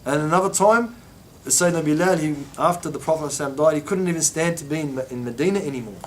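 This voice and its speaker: Male teacher, informal lesson delivery, acts out quotes; slightly raised pitch, faint room rumble. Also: very fast. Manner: acts out quoted voices with rising pitch, many restarts. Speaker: religious teacher.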